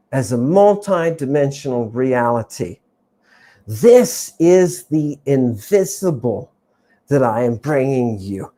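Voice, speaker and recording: Slow, theatrical woman lecturer. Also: very deep voice, warm tone. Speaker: host. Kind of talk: livestreamed lecture to a chat audience.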